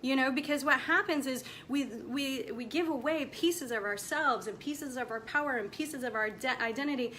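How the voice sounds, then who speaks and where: A woman's voice: sits high, normal speed, hardly any pauses, sharp tone, slight background noise. A woman in her forties, a women's coach, talking passionately and emphatically to camera about self-care. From United States. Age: 40s. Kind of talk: direct-to-camera motivational talk.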